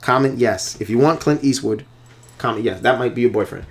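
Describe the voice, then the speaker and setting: A filmmaker chatting casually on a livestream, rambling and joking and reading viewer comments aloud, with many pauses and fillers. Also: male voice, mid-range voice. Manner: rambling, joking, teasing, lots of ums.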